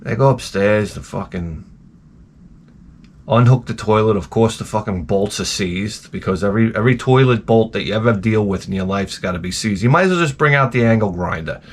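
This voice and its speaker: Man vlogging, rambling rant, profane, exasperated, swooping pitch, loud then muttering. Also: animated, brisk, slight background noise. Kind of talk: rambling ranting monologue.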